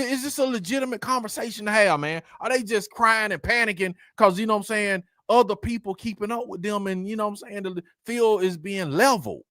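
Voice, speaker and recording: A man co-hosts a casual sports debate in a relaxed, conversational way. His voice sits fairly high for a man. The sound is close and dry. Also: no room sound. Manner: laid-back, conversational, frequent 'you know what I'm saying'. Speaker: podcast co-host.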